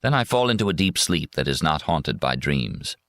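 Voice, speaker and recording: A man reading a memoir audiobook in a measured, steady first-person narration. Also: a bass voice, no room sound. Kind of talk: scripted narration.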